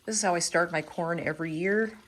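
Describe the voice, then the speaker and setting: A woman with a low voice gives a relaxed, chatty walkthrough of her plants as she works. She explains each step in plain, friendly terms. Faint background noise and dripping water sound behind her inside the greenhouse. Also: brisk. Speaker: gardening vlogger. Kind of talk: casual gardening tutorial.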